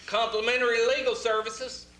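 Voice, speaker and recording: A man playing a scheming, smooth-talking lawyer in a stage play, calm and commanding. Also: very high voice, normal speed, a crowd in the background. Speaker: community theater actor. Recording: roomy stage recording, faint hiss.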